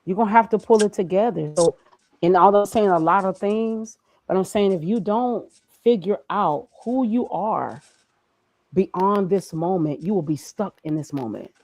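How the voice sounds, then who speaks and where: A woman's voice: mid-range voice, moderate pace, a little mellow, no echo, poor audio. A woman speaking as a guest in a conversational interview, emphatic and preachy, firing off rhetorical questions. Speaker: graphic designer and guest.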